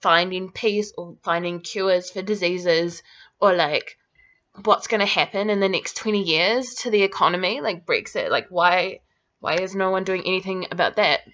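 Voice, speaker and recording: A woman with a slightly low voice delivers an indignant vlog rant straight to camera. She swears freely and pads nearly every phrase with "like". The recording sounds dull and lo-fi. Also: moderate pace, fairly bright tone. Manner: indignant, swearing, constant "like" fillers. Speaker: vlogger.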